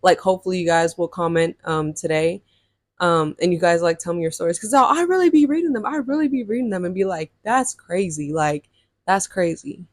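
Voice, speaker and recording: Young woman, early twenties, casual storytime vlogger, chatty, lower voice, dry close mic. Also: fast, dry recording. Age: 20s. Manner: chatty, lots of fillers, animated retelling.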